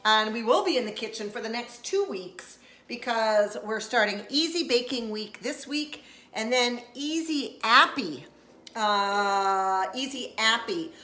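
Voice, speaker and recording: A high-pitched woman chats on a live stream in a playful, rambling way and calls out to viewers by name. Her voice is bright and forceful, and it rings around an echoey kitchen. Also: expressive, unhurried. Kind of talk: casual live-stream chat. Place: home kitchen.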